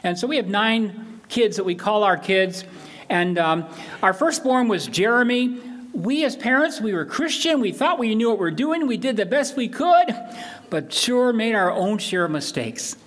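An older man delivers a sermon from the pulpit in an earnest, emphatic way. His voice sits high for a man, and he drives his points home by repeating phrases. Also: expressive, normal speed, a bit bright. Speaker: pastor.

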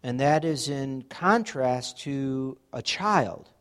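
A man's voice: mid-range voice, expressive, slow pace, a bit bright. A man preaching a sermon in a conversational way, acting out everyday examples. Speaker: pastor.

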